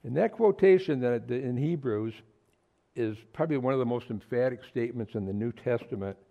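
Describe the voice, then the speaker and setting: A man's voice: mid-range voice, a little fast, gravelly, highs cut off. A man preaching a sermon to a small fellowship, earnest and emphatic, often repeating words for stress. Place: small fellowship meeting room.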